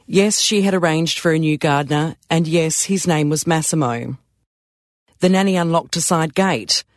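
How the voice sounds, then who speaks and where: Man, storybook narrator, calm, measured, fairly high voice, dry close recording. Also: no echo.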